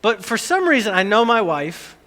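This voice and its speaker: A middle-aged man preaching a sermon, telling a family story with lively, animated delivery and acted-out screams. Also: sits high, normal speed, long reverb tail. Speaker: pastor.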